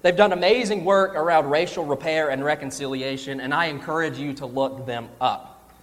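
A young man preaching a sermon, telling a humorous personal story in an animated storytelling manner. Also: fairly high pitch, moderate pace, big-room sound.

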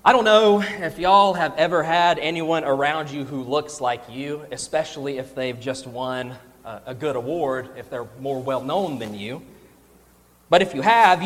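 A young man preaching a sermon, telling a humorous personal story in an animated storytelling manner. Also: on the high side, moderate pace, big-room sound.

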